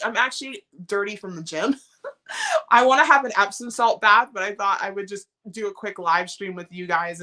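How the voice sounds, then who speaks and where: A woman hosting a live stream, chatting casually and warmly while reading out viewer comments. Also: mid-range voice. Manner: warm, encouraging, reads chat comments aloud.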